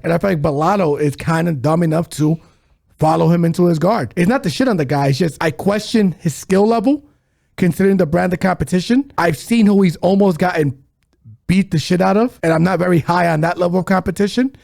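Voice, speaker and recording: A man's voice: sits high, vocal fry, a little mellow. A man co-hosting a podcast, bluntly giving casual fight analysis with frequent swearing. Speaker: podcast co-host. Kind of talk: casual sports betting chat.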